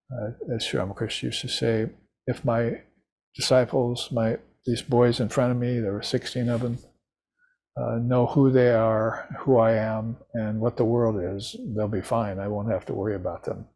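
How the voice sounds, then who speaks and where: Husky-voiced man teaching a spiritual class. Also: mid-range voice. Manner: meandering, reflective, with soft laughs and restarts. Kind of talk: devotional class lecture. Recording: class recorded for live stream.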